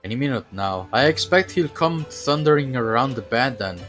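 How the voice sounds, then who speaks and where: A man chatting casually while streaming a video game, rambling with plenty of fillers and false starts. His voice is of middling pitch, with light game music underneath. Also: lively intonation, moderate pace, fairly bright tone. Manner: rambling, full of fillers and restarts. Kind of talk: casual gaming commentary.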